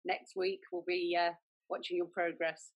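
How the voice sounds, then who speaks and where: A woman's voice: on the low side, level tone, normal speed, lo-fi sound. A woman hosting a casual conversation, thanking her guest and wrapping up. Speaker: host.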